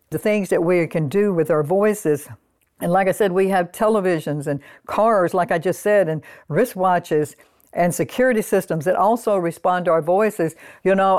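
A woman preaching a sermon, reading scripture slowly and then talking it through in a casual, conversational way with lots of "you know" asides. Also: lowish voice, a little mellow, dry recording, studio quality. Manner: slows down to read scripture aloud.

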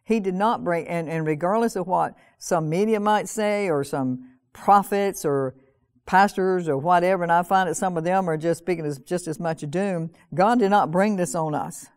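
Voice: medium pitch, normal speed, darkish tone, no echo, studio quality. A pastor preaching a sermon in an earnest manner, often repeating phrases and reading scripture aloud with a raised voice.

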